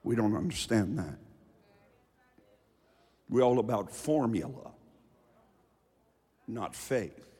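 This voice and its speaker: A man preaching a fiery sermon from the pulpit, dropping to low asides and rising to shouted refrains. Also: sing-song, slow pace, long pauses, husky. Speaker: pastor. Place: church sanctuary with reverb. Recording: hall reverb from a large church.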